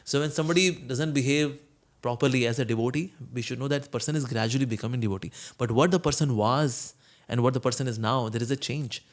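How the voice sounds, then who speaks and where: A man's voice: mid-range voice, fast talker. A man, a monk answering questions in a conversational spiritual talk, telling stories and acting out quoted voices. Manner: storytelling, acts out quoted voices, chuckles.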